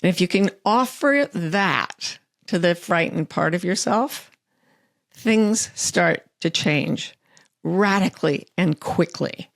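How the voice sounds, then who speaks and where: Middle-aged woman author as a guest, gravelly and low-ish, dry close sound, earnest and animated. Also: takes it slowly, no room sound. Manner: earnest, animated storytelling with quoted self-talk. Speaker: author and life coach, guest. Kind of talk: interview conversation.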